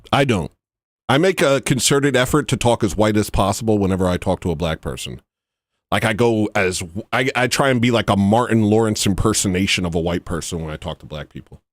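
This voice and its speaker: A man's voice: lowish voice, fairly quick, dry recording, clean studio sound. A man hosting a livestream, rambling and joking in a self-mocking, comedic rant. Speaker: livestream host.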